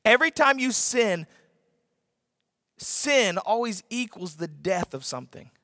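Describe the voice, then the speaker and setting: A man with a high voice preaches a sermon, telling the story vividly and acting out voices. He builds to sudden shouts for emphasis. His voice sounds dry up close yet trails off into a long hall reverb. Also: lively intonation, a little slow. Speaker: pastor.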